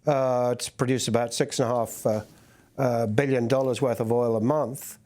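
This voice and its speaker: Guy correspondent talking through a news interview, lots of uhs, pretty even middle pitch. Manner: reporting in a measured way with many fillers. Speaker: foreign correspondent.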